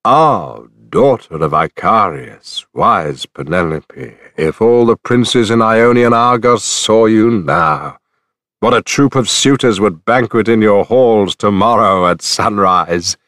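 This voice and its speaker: A man voicing a smooth-talking male suitor who speaks slowly and flatteringly. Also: lowish voice, dry recording, studio quality.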